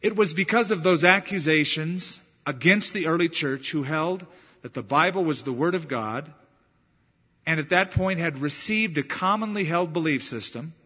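A man's voice: fairly high pitch, moderate pace, pushed and bright, slightly rough. A man preaching a sermon as pastor, earnest and emphatic, rising to stress key words. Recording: dull, muffled 1990s church recording with long reverb.

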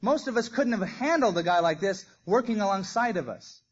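Animated husky-voiced male preacher. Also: sits high, a little fast. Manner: animated storytelling, acting out quotes. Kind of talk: sermon. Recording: dull lo-fi recording.

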